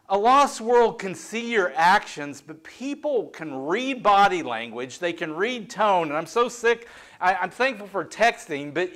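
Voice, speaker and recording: A middle-aged man delivers a sermon in a conversational, confessional way. His voice sits notably high for a man, and he rises and falls sharply in pitch and loudness as he admits his own faults to the congregation. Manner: candid, self-deprecating, conversational preaching with lively swings in pitch and volume. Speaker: pastor.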